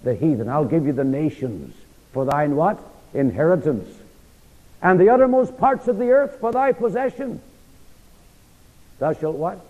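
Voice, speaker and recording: A man preaching an expository sermon, reading verses slowly and emphatically and quizzing listeners with "what?" before key words. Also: fairly high pitch, animated. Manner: reads scripture slowly and emphatically. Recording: dull recording in a large reverberant hall.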